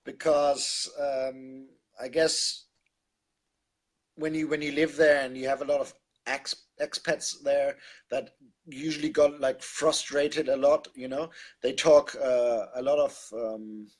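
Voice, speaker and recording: A man's voice: medium pitch, level tone, slow. A man from Germany with a mixed English, German and Irish-sounding accent, chatting casually on a live stream, hesitant with many fillers. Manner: hesitant, many fillers and restarts, laughs often.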